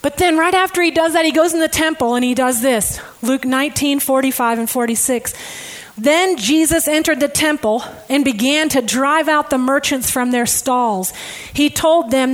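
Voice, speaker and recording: A woman gives a conversational sermon with a fairly high voice. She preaches in an emotive, personal way and talks straight to her listeners. Her delivery swings from hushed, almost whispered moments to loud, stirring ones. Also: moderate pace, rough recording.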